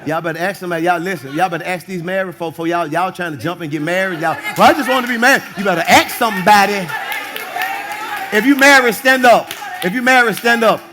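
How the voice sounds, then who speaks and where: A man with a strikingly high voice preaches in a church sanctuary, speaking. He shouts, laughs and slips into the voices of husbands and wives to make his point. The congregation can be heard clearly around him. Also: fairly quick, crowd noise. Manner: animated, shouting and laughing with the congregation, acting out spouses. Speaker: pastor. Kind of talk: sermon. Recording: live church service with congregation audible. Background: congregation responding.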